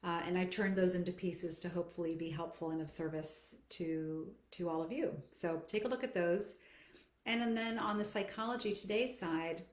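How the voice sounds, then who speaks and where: A woman singing coach talks through viewer questions on a live stream. Her voice sits a little low, and she speaks reflectively, with fillers and restarts. The room around her is echoey. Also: steady tone, normal speed. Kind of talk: live Q&A, conversational teaching.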